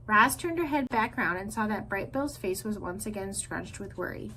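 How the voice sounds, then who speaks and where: A woman's voice: medium pitch, normal speed, few pauses, a little hiss or hum, poor audio. A woman reading a children's novel aloud to a class as a teacher. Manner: expressive storytelling.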